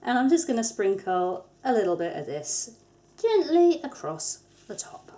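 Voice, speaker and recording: A woman's voice: a little high, sing-song, measured pace, mellow. A woman, hosting a craft tutorial in a casual, chatty manner with light self-deprecating humour. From England. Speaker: soap maker, tutorial host.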